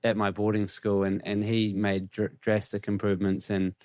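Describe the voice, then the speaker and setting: A middle-aged man with a New Zealand accent, a cricket coach answering interview questions in a relaxed, reflective and candid way. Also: on the low side, moderate pace, no echo.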